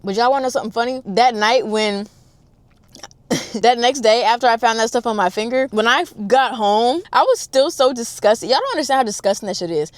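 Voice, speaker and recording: A woman in her twenties telling a storytime vlog in a dramatic, animated, chatty way, talking straight to her audience. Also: on the high side, a little fast, no room sound. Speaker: storytime vlogger.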